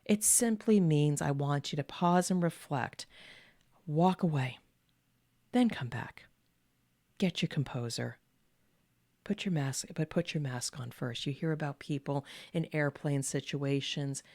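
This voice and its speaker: Middle-aged woman host, low steady voice, calm measured delivery, dry close room. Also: no echo. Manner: calm, measured, with deliberate pauses; earnest and encouraging, repeats key words. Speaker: podcast host and executive coach. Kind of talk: direct-to-camera advice talk.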